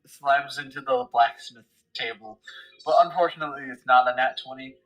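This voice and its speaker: A man's voice: medium pitch, a little fast, fairly bright tone, rough recording. A man playing in a tabletop game, bantering in a dramatic, exasperated way with the group. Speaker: player. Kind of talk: casual tabletop game chat.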